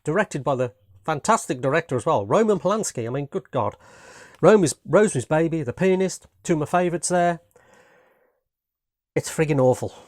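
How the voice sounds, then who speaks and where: A man's voice: a little high, expressive, fairly quick, pauses often, darkish tone, no echo, studio quality. A man from Britain casually reviewing his latest home movie watches, rambling and enthusiastic, peppering his talk with "man" and "you know what I mean".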